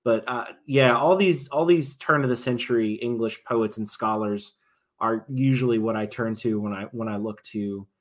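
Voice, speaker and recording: A male veteran guesting on a podcast, his voice sitting in a middle pitch. He talks in loose, rambling runs, circling back and restarting. He punches up some points and lets others trail away. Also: moderate pace. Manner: rambling, frequent restarts, emphatic swings. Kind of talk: casual podcast discussion.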